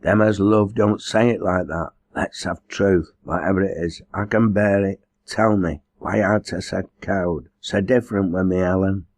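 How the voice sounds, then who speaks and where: Desperate young country lover, fierce and pleading, low husky voice, read by a man. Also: huge pitch swings, unhurried, hardly any pauses, a little mellow, full character voice.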